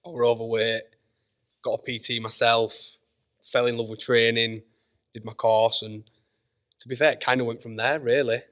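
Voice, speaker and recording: Yorkshire male guest, personal trainer, easygoing and loose, mid-pitched, lots of fillers. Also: flat delivery, moderate pace, long pauses, a bit bright. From Leeds, England. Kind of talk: casual podcast chat. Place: gym.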